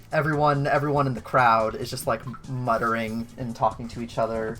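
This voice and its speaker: Rambling game master. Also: female voice, a bass voice, fairly even intonation, fairly quick, hardly any pauses, a bit bright, faint music behind. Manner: rambling, filler-heavy, casual. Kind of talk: narrating a tabletop game.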